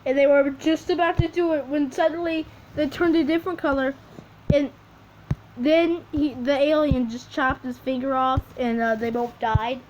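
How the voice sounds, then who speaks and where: A woman making up a story as she draws, rambling and halting, with many restarts. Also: high-pitched, steady tone, a little mellow. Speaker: video creator. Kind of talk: improvised storytelling while drawing. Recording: dull lo-fi recording with faint hiss.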